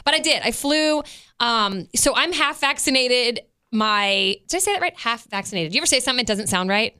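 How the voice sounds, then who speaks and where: A woman co-hosting a podcast in casual chat, an expressive, giggly storyteller. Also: a little high, a little fast, clear, resonant tone. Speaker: podcast co-host.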